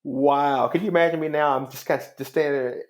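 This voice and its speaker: A middle-aged man, a judge, telling a story in an interview in a calm, wry, conversational way. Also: fairly high pitch, racing.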